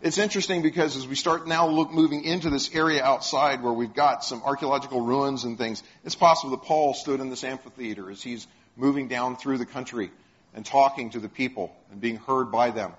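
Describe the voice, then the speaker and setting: A man's voice: mid-range voice, fairly quick, a bit bright. A man preaching a sermon, retelling stories and putting questions to the congregation. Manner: storytelling, asks the congregation questions. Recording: dull lo-fi sound.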